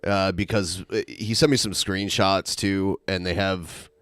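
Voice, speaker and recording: Smooth, mid-pitched male co-host, wry and dry, close mic. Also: fairly even intonation, measured pace, fairly bright tone, no echo. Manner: wry, dry commentary with restarts. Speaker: podcast co-host. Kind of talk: casual comedic chat.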